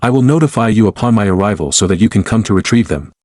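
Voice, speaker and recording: A man narrating a first-person story in a formal, measured, cold and deliberate way. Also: lowish voice, expressive, a little mellow, no echo.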